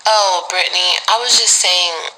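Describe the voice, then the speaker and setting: Bright-voiced young woman venting a story. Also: on the low side, unhurried, low-quality recording. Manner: animated, emphatic, exasperated retelling; casual slang, addresses viewers directly. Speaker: livestreamer telling a personal story.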